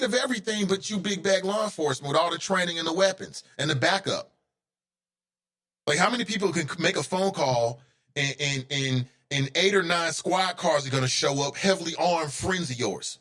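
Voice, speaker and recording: A man's voice: a little high, moderate pace, fairly bright tone. Heated ranting male talk host. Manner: heated, ranting, rising to indignant outbursts. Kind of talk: opinionated solo commentary.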